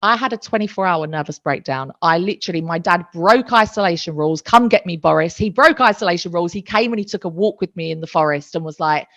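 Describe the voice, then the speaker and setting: A woman, a podcast guest, telling a personal story in an emotional, animated way and swearing freely. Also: on the low side, quick pace, few pauses. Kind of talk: casual storytelling interview. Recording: dull lo-fi recording.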